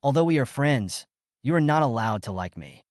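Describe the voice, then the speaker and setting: A male narrator voicing a proud, curt young woman in a story recap, lifting his voice higher for her short, sharp replies. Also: lively intonation, normal speed, no room sound, studio quality, close to an everyday voice.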